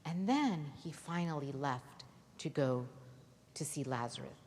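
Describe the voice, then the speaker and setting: A woman telling a Bible story to children at a church holiday Bible school, lively and often asking the kids questions. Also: deep voice, a little slow. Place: church hall. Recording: reverberant hall, faint noise.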